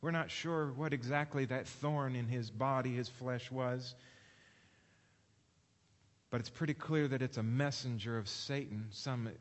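A man preaching a sermon, asking the listeners questions and slowing down to read scripture aloud. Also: medium pitch, long reverb tail. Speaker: pastor.

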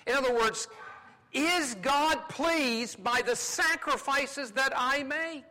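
Man preaching in a big church, high bright voice, long echo off the hall, gets loud then goes quiet. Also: slow pace. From North Carolina. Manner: animated preaching, swings between loud and hushed. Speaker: pastor. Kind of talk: sermon. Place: large church sanctuary.

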